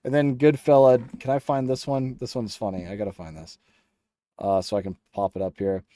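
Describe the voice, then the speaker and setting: A man's voice: medium pitch, flat delivery, normal speed, dark tone, no echo, studio quality. A young man hosting a casual livestream, reading chat aloud and teasing viewers with a laugh.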